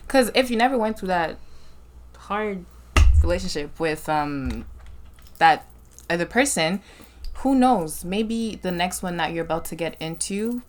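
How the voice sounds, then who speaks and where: A woman's voice: lowish voice, animated, measured pace, a little hiss or hum. A woman hosting a podcast, offering reflective, faith-minded advice and often checking in with "right?". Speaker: podcast host. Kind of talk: casual conversation.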